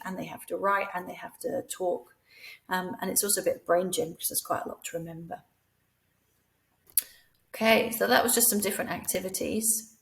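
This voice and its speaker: A woman talks teachers through classroom activities in a calm, patient way. She has a creaky, gravelly edge to her voice. Now and then she sings out French phrases with a rising question lilt. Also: medium pitch, low-quality recording. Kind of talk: recorded training lesson.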